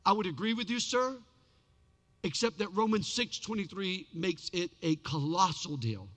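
A man with a very high, bright voice preaches in a church sanctuary, telling his story with big swings between shouted peaks and hushed lows. His words ring out with a long reverb that fills the hall. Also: expressive, moderate pace. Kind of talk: sermon.

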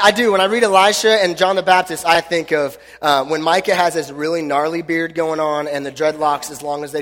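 A man's voice: on the high side, fairly bright tone. A man preaching a casual, joking youth sermon, chatty and full of slang, talking to teens in a church hall. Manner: joking, chatty, uses lots of slang fillers. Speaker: youth pastor. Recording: long hall reverb.

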